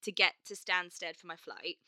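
A woman's voice: fairly low pitch, unhurried, pushed and bright, dry recording, clean studio sound. A woman co-hosting a casual chat, telling stories with swearing and acted quotes. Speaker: podcast co-host and performer.

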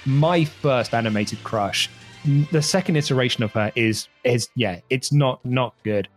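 A man's voice: mid-range voice, a little slow, faint music behind. Rambling man on a podcast. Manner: enthusiastic, rambling with restarts. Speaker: podcast co-host. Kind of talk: casual chat.

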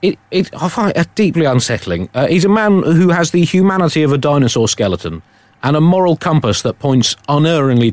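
A man's voice: a little high, dry recording. A man hosting a satirical comedy podcast, with a wry, hesitant delivery full of ums before his punchlines.

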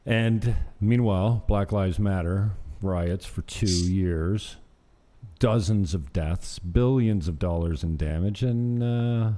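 A man's voice: low-pitched, takes it slowly, warm tone. A man hosting a casual political chat, sarcastic, often laughing and trailing off mid-sentence. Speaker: host.

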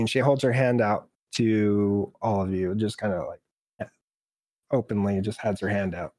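A man's voice: fairly low pitch, fairly even intonation, moderate pace, darkish tone, dry recording, studio quality. Man narrating as dungeon master. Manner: loose, filler-heavy narration. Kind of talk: narrating a tabletop game.

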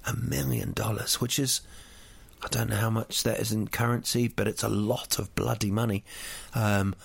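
A man's voice: on the low side, fairly even intonation, normal speed, creaky, breathy edge. A man from New Zealand with a New Zealand accent, chatting casually and telling rambling, jokey stories full of fillers and restarts. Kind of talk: casual chat.

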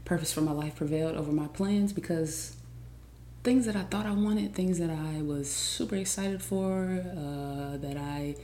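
A woman hosting a faith podcast, energetic and chatty, teaching from scripture with excited exclamations. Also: sits low, a little slow, a little hiss or hum. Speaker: podcast host. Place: home studio on camera.

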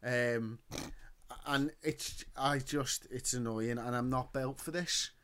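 Animated, sweary male co-host. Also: mid-range voice, slow pace, smooth. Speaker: podcast co-host. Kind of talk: casual chat.

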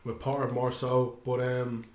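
A man co-hosting a casual football podcast, animated and quick to mimic players in high voices. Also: slight background noise. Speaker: podcast co-host. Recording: echoey room.

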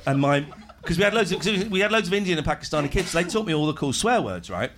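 A man's voice: fairly high pitch, big pitch swings, fast, fairly bright tone. A middle-aged man in casual banter, jokey and rambling, laughing often as he talks.

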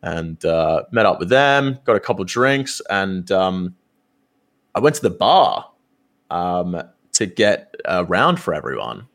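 A young man spins a story in a casual chat. His voice sits a little low, and he gets animated and swears freely as he acts out what people said. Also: slow. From Australia. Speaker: streamer.

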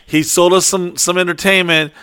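A man's voice: high-pitched, flat delivery, normal speed, bright, forceful tone, clear, resonant tone. Brash young man in profane chat. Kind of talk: casual storytelling chat.

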